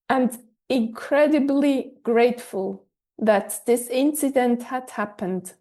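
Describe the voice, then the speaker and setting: A woman podcaster narrating a personal story in a measured, scripted way. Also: on the high side, warm tone. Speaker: podcast host and author.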